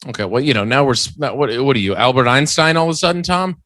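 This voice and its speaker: A man co-hosts a podcast with a bright, forward tone, riffing and teasing his co-host. His pitch rises and falls a lot, and the recording is dry and close. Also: expressive, fast, dry recording. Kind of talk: casual podcast banter.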